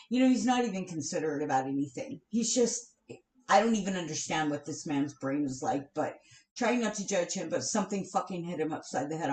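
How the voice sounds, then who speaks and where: A woman's voice: lowish voice, a little mellow. A woman venting on a live stream, heated and swearing often, with sighs between bursts of anger. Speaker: vlogger. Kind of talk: angry live-stream rant. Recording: roomy echo.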